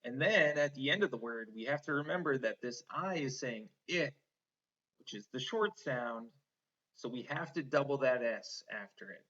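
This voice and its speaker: A man's voice: mid-range voice, lively intonation, normal speed, a bit bright, lo-fi sound. A man teaching a one-on-one spelling lesson, patiently sounding out words letter by letter and encouraging the student.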